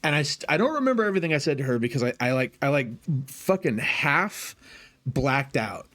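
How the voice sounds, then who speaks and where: A man telling a story on stream in a relaxed, profane way, with his pitch at an everyday middle. He gets animated as he acts out the other people in it, and his voice swings up sharply for those quoted bits. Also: brisk. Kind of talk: casual storytelling.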